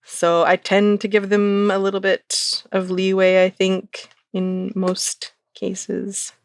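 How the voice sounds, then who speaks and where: A woman's voice: medium pitch, monotone, slow, smooth, no room sound, clean studio sound. A woman co-hosting a podcast in casual chat, teasing and insistent as she argues. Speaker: podcast co-host.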